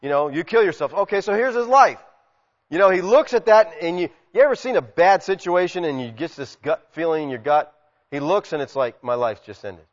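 A man preaching a sermon, animated, acting out quotes and swinging from loud shouts to quiet asides. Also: sits high, brisk. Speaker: pastor. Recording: muffled sound with long hall reverb.

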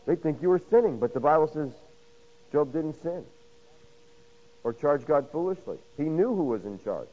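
A man delivers a sermon in a voice pitched a touch high. He swings between loud, emphatic lines and soft, intimate ones, and acts out quoted voices with rhetorical questions. The sound is muffled and lo-fi, like an old radio broadcast. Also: lively intonation, moderate pace, pauses often. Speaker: pastor.

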